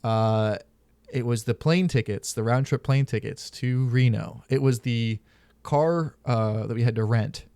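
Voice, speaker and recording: A man's voice: mid-range voice, measured pace, warm tone, clean tone, no echo. A man hosting a podcast, telling stories in casual, candid and profane chat. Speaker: podcast host.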